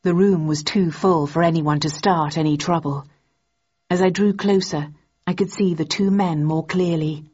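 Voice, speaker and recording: A woman's voice: fairly low pitch, darkish tone, husky. A woman narrating a novel in the first person, with a dry, wry delivery. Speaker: audiobook narrator. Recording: dull, muffled recording.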